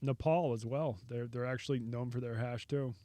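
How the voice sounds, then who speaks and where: A male guest on a podcast talks in a relaxed, easygoing way and often chimes in with short words of agreement. His voice is at a medium pitch. The recording is close and dry. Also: no echo. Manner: laid-back, quick agreeing interjections. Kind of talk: casual chat.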